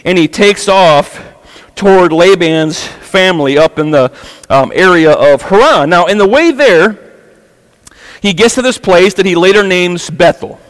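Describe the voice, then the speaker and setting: A man's voice: high-pitched, animated, measured pace, big-room sound, poor audio. A male pastor preaching a sermon and retelling a Bible story in a casual, chatty way. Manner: casual storytelling, acting out the characters' lines. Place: church sanctuary.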